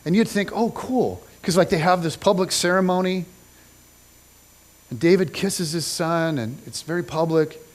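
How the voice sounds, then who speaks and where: Casual, animated male pastor preaching. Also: a little high, moderate pace. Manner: conversational storytelling, animated retelling with casual slang. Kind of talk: sermon. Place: church stage.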